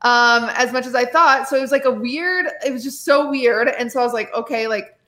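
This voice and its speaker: A woman livestreamer tells a personal story in a loose, rambling way, stacking up "like" fillers as she goes. Her voice sits a little high. The room gives her a noticeable echo. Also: a little fast, pushed and bright. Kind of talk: casual storytelling. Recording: roomy echo.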